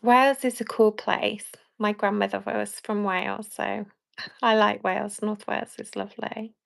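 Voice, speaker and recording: Gravelly-voiced woman from Birmingham. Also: mid-range voice, level tone, moderate pace. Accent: Birmingham English. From England. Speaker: live streamer. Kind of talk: casual chat.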